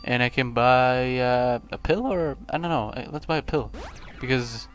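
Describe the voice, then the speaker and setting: A young man from Lithuania, a native Lithuanian speaker, giving rambling, self-mocking commentary on his own gameplay, with sudden excited yelps. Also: mid-range voice, moderate pace, faint music behind. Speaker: gaming channel host.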